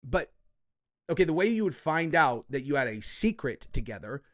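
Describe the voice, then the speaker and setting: A man's voice: a little high, big pitch swings, normal speed. A man hosting heated political commentary, profane and combative, who keeps tagging his points with "okay?" and "dude.".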